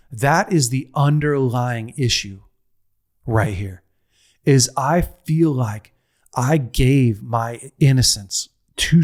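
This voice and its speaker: A middle-aged man giving a heartfelt teaching talk, telling a personal story with repetition, restarts and a pace that swings from slow to rushed. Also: medium pitch, a little mellow. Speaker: speaker on a men's ministry show.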